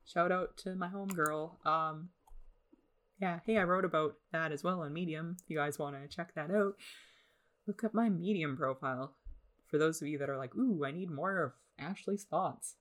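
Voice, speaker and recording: A woman's voice: low voice, normal speed, a bit bright. A young woman hosting a casual solo podcast from home, rambling with self-deprecating, sarcastic asides. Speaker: podcast host. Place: home in the suburbs.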